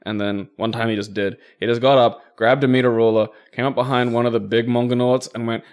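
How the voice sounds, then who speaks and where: A man's voice: medium pitch, little pitch movement, brisk, clean tone. A man co-hosting a casual game commentary, often laughing and swearing as he banters and tells anecdotes. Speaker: co-host playing the game.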